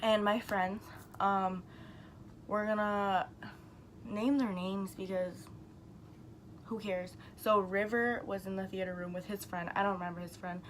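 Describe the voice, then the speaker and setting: A woman's voice: medium pitch, steady tone, unhurried, pauses often, a little hiss or hum, rough recording. A young woman chatting casually to her camera, telling a rambling story full of "like" and the odd swear.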